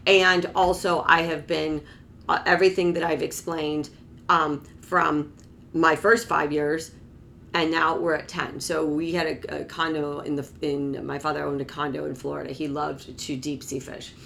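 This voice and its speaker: Gravelly low-voiced woman telling her story. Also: level tone, unhurried, fairly bright tone, slight background noise. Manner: rambling, with restarts and exclamations. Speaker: storyteller recounting her childhood. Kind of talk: casual personal storytelling.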